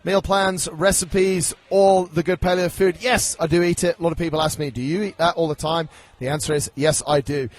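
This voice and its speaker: A man's voice: on the high side, fairly even intonation, normal speed, few pauses. A man hosting a podcast, upbeat and chatty as he introduces the show and interviews a guest. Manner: upbeat, chatty, reads sponsor plug. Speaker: podcast host.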